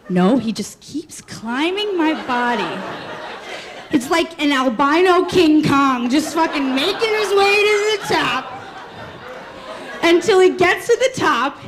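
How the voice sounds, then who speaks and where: A woman telling a funny personal story on stage, animated and laughing as she talks. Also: high-pitched, measured pace. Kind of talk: live comedic storytelling. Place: stage before a live audience. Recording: live room with crowd laughter and noise.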